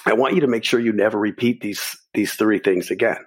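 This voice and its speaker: A middle-aged man, a podcast guest, telling a personal story in a lively way and acting out his own thoughts. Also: on the low side, a little fast.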